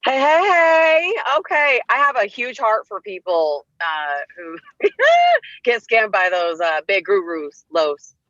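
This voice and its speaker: Casting note: female coach on a group call, emotional and hesitant, bright voice, dry, dull lo-fi sound. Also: fairly low pitch, lively intonation, measured pace, hardly any pauses, no echo. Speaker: trading coach. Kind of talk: casual talk on a group call.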